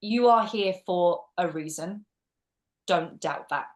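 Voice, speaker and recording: A woman's voice: fairly low pitch, slow pace. A woman with an Essex accent, a drama teacher and actress, chatting as a guest in a podcast interview and acting out her students' lines. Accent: Essex English. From England. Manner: chatty and expressive, acts out quotes from students.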